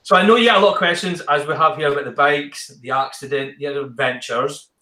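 A man's voice: a little high, fast, pushed and bright, reverberant, low-quality recording. A man hosting an interview, effusive and enthusiastic, often restarting his sentences. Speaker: podcast host. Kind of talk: casual interview chat.

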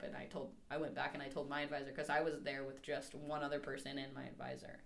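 A woman's voice: sits low, fast talker, roomy sound. A young adult woman co-hosting a podcast, telling a story in casual chat with laughs and mimicked quotes. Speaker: podcast co-host.

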